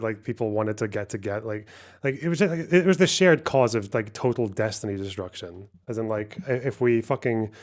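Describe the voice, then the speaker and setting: A man hosting a livestream, talking in a casual, rambling way with frequent swearing and restarts. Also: fairly low pitch. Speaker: livestream host.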